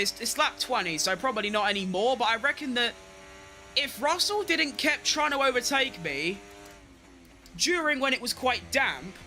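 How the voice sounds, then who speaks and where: Excitable high-voiced man gaming. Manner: excitable, talks to himself, shouts and chants while driving. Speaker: gaming streamer. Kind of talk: live racing game commentary.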